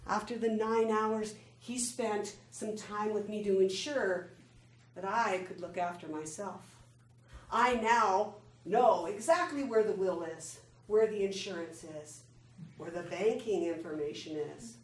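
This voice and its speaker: Middle-aged woman, prepared speech, unhurried measured delivery, echoey room, faint noise. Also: mid-range voice. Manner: slow, measured storytelling with pauses. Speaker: club speaker. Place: meeting room.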